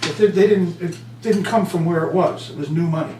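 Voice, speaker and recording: Man, high voice, animated storyteller, roomy distant sound, faint hum. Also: brisk. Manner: animated storyteller, acts out quotes. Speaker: guest author and motivational speaker. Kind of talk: conversational interview.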